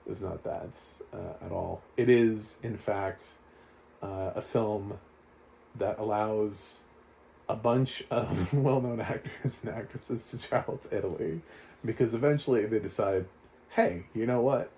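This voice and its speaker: A man's voice: on the low side, a little slow, vocal fry, dark tone, a little hiss or hum. A man reviewing a film in casual, rambling talk with sarcastic asides.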